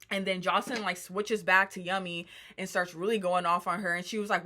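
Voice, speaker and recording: Woman vlogger, casual recapper, lowish bright voice, chatty slang. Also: fast, few pauses. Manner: chatty, slangy, many "like" fillers.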